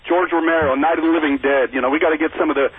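A man's voice: a little high, fairly even intonation, very fast, slightly rough. A man calling into a radio show, chatty and joking. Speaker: caller. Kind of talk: phone-in chat. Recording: tinny phone line.

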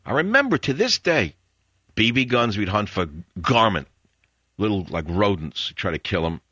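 A man's voice: fairly low pitch, sing-song, normal speed, sharp tone, no room sound, dull audio. An older man hosting a radio talk show from a studio, rambling and reflective with wry asides.

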